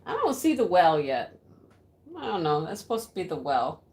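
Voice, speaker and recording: A woman's voice: on the low side, sing-song, moderate pace, a little mellow. An actress playing a rambling, easily flustered woman who hosts a home craft livestream and giggles often. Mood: giggly. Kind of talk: sketch comedy character acting. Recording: roomy echo.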